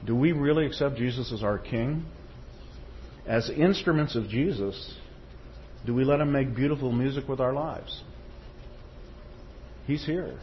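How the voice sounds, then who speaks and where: A man's voice: medium pitch, a little slow, pauses often, dull audio, a little hiss or hum. A man preaching a sermon, reading quotations and telling stories, often checking in with his listeners with "okay?" and "Amen?". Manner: storytelling, frequent "okay?" and "Amen?" check-ins.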